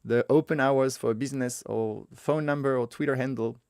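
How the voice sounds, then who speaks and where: Guy coding on screen, talks it through, middle pitch, dry close mic. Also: fairly even intonation, brisk, vocal fry, darkish tone, smooth, no room sound. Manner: thinking aloud, self-correcting, chuckles at own mistakes. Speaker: web developer teaching a coding tutorial. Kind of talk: casual screencast coding walkthrough.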